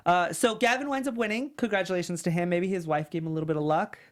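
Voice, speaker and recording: A man co-hosting a podcast, chatting casually and giving exasperated, animated opinions. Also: high voice, fast. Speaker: podcast co-host. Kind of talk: casual recap chat.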